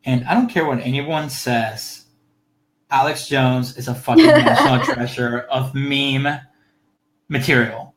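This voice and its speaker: A man's voice: medium pitch, very animated, measured pace, poor audio. A man co-hosting a podcast in loose casual chat, laughing easily and swearing freely, speaking English as a second language. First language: not English. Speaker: podcast co-host.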